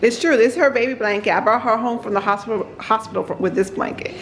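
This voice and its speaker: This Georgia, US lifestyle vlogger and mother speaks quickly with a fairly high pitch, chatting warmly to viewers through a handheld camera in her home kitchen. The audio is poor, with faint music in the background.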